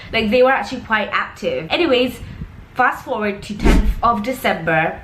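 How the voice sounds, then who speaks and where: A woman's voice: medium pitch, fairly bright tone, a little hiss or hum. A young woman casually retelling a true crime story, chatty and full of filler words. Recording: echoey room.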